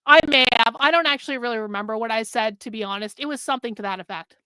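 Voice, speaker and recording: A woman hosts her show and tells a story in an animated, casual way, swearing freely. Her voice is bright and a little high, with an edge of tension. The recording sounds dry and close. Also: fast talker, smooth, no room sound. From United States. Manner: animated, profane, acts out her own past lines. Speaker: host.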